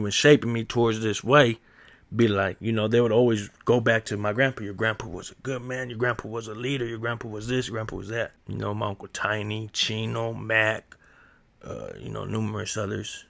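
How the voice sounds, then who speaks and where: A man spins family stories in casual, slang-heavy talk, lively and quick to laugh. His pitch sits in the middle range for a man. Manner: slangy and animated, laughs often. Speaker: vlogger. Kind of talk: casual storytelling.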